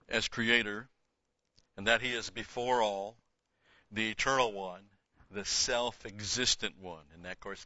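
A man's voice: on the low side, sharp tone, no echo, highs cut off. Man teaching Scripture verse by verse. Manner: reads scripture aloud with rising emphasis, then explains in a casual aside. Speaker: Bible teacher.

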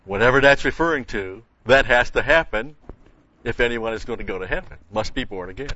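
A man's voice: medium pitch, expressive, a little fast, pushed and bright, no echo. An older man teaching a Bible study lecture, explaining word meanings and wandering into folksy stories with chuckles. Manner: folksy, digressive storytelling with chuckles. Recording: muffled lo-fi recording.

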